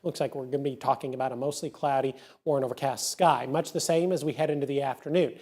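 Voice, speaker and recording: A man's voice: mid-range voice, steady tone, fast, warm tone. A man presenting the TV weather forecast in a chatty, upbeat way. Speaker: meteorologist.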